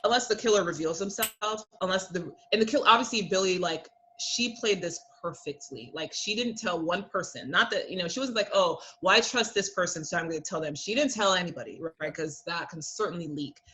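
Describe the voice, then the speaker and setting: A woman co-hosting a casual podcast, talking animatedly and acting out people's lines with big pitch jumps. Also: brisk, hardly any pauses, sharp tone, slight background noise, rough recording. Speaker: podcast co-host. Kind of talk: casual recap chat.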